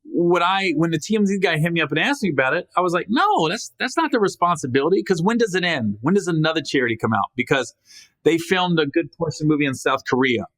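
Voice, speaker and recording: A man's voice: fairly high pitch, quick pace, a bit bright, no room sound. A man hosting a podcast, talking alone in a casual, rambling way, joking at his own expense and often restarting his sentences. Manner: rambling, with frequent restarts and self-corrections; joking, self-deprecating. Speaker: podcast host. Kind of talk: casual solo monologue.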